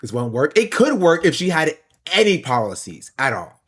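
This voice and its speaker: Male streamer, slightly high voice, opinionated political commentary, explains points. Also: sing-song, moderate pace, a bit bright, breathy edge.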